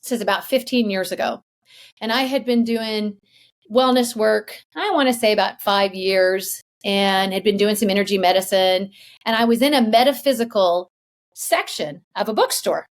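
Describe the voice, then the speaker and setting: A woman hosting a podcast, telling a story in a chatty, animated way and laughing as she goes. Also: mid-range voice, moderate pace. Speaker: podcast host. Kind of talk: casual storytelling.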